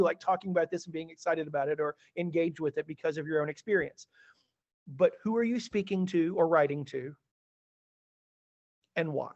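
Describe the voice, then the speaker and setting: On a video call, a male teacher with a fairly high, bright voice gives students feedback in a chatty, animated and slightly theatrical way. Like a typical online class, the audio is a little dull and muffled.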